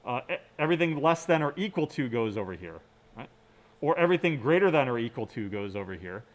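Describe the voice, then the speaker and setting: A man's voice: mid-range voice, sing-song, fast. Male lecturer explaining step by step. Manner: explains step by step, often asks "right?"; mutters quietly to himself while working on screen. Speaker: university lecturer. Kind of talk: recorded computer science lecture.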